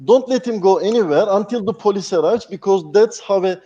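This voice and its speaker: A man's voice: high-pitched, a little fast, dark tone, muffled recording. A man, a guest speaker talking candidly and passionately, swearing freely. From Turkey. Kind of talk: candid interview talk.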